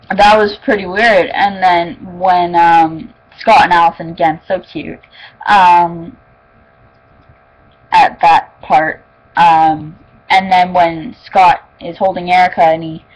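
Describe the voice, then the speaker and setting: A young woman casually recapping a TV episode, chatty and excitable, full of fillers and exclamations. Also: fairly low pitch, poor audio. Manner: chatty and excitable, lots of "like" and "oh my god". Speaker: fan reviewing an episode.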